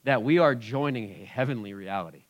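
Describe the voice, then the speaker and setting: A man preaching a sermon in an animated way, acting out the cries he describes. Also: medium pitch, brisk. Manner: animated, acts out the creatures' cries. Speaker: pastor.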